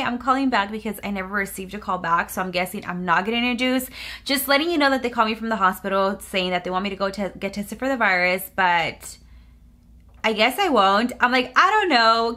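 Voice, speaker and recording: A young woman vlogger telling her story in a chatty, animated way, acting out the dialogue as she goes. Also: on the high side. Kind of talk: storytime vlog.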